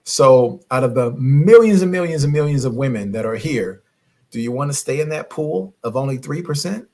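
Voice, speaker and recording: A middle-aged man coaching on relationships in a late-night live stream, animated and preachy, scolding his viewers playfully and laughing often. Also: medium pitch. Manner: fumbles with his phone while reading comments.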